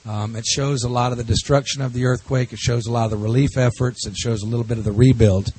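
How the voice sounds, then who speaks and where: Husky, folksy man preaching. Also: medium pitch, steady tone, fast, darkish tone. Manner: folksy, jokey storytelling with laughs. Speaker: pastor. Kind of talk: church talk to a congregation.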